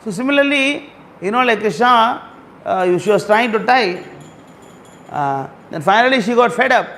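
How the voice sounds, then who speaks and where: A man giving a storytelling sermon, repeating phrases and slowly explaining words and verses. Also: high voice, lively intonation, fairly bright tone, a little hiss or hum. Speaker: speaker at a temple gathering.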